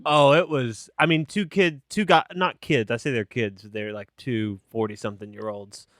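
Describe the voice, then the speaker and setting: A man, a stand-up comedian and podcast co-host, chatting casually and telling an animated story in which he acts out the people he quotes. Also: medium pitch, moderate pace, dry recording, clean studio sound.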